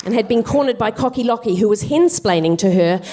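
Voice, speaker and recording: A woman's voice: on the high side, expressive, a little fast, background noise. A woman comedian doing live stand-up, telling a comic story in a wry, self-deprecating way.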